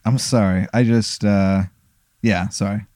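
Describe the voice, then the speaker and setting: A man's voice: lowish voice, steady tone, a little slow, a little mellow, dry recording, clean studio sound. A man playing along in improvised comedy, sheepish and apologetic.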